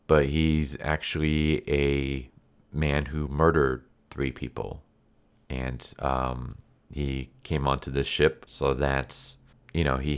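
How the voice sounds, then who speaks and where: Guy with a super deep low voice just rambling thru a movie recap, lots of likes and ums. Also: clean tone. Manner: rambling, heavy use of 'like' and 'um'. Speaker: anime movie reviewer. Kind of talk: casual plot recap.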